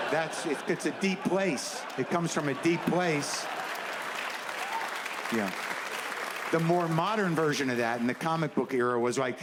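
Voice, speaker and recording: Performing stand-up for a live audience, a man with a fairly high voice speaks unhurriedly and pauses often. He rambles and rants with sardonic asides, while crowd noise, background noise, and faint laughter and ambience fill the room.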